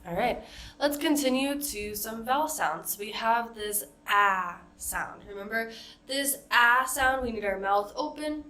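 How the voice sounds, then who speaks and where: American woman coaching pronunciation, slow and deliberate, bright voice, sounds out each word carefully. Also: a little high. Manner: slow, carefully modeled example words. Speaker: accent coach. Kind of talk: pronunciation lesson.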